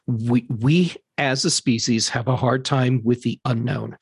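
A man co-hosting a casual panel discussion, giving measured, thoughtful analysis with some restarts. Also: mid-range voice, breathy edge, dry recording.

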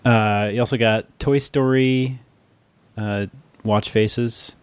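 A man's voice: mid-range voice, fairly even intonation, slow, smooth, dry recording. A man hosting a casual tech chat, rambling and correcting himself as he goes, laughing easily.

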